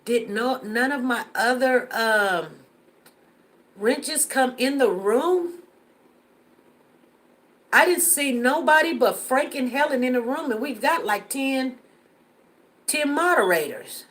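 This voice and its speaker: A woman's voice: sits high, lively intonation, slow pace, long pauses, a bit bright. A woman hosting a casual live stream who talks earnestly to her viewers and repeats herself for emphasis.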